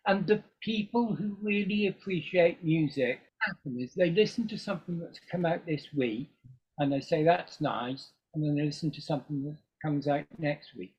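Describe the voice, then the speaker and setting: A dull lo-fi recording captures an older English guest musician in casual interview chat. His voice is a little high, darkish, and breathy-edged at a normal speed, and he rambles with frequent ums and restarts.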